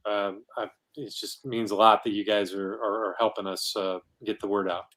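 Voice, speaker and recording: A man's voice: lowish voice, level tone, fairly bright tone. A man, a guest organizer of an event, talking casually and thankfully with the hosts. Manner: eager, thankful, quick talker. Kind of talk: casual chat.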